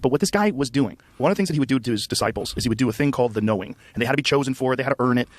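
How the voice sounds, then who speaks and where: A man's voice: medium pitch, animated, very fast, no room sound. A man hosting a podcast in casual chat, enthusiastic and blunt, swearing freely. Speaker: podcast host.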